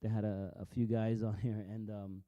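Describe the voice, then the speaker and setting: Dark-voiced man ranting casually. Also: on the low side, little pitch movement, moderate pace, no echo, muffled recording. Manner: rambling, profane, stumbles and repeats words. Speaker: vlogger. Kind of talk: casual commentary over clips.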